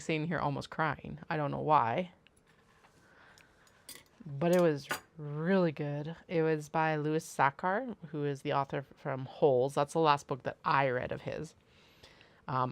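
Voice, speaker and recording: Casual sewing-stream host, gravelly fry, rambling and chatty. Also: mid-range voice, slight background noise. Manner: rambling, chatty, full of "like" and restarts. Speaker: bag maker and livestream host. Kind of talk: casual livestream chat while sewing. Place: home sewing studio.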